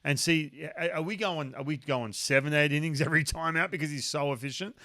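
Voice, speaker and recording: A man with an Australian accent hosting a casual sports podcast, chatty and excitable, full of restarts. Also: fairly high pitch, a little fast, no room sound, clean studio sound. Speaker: podcast host.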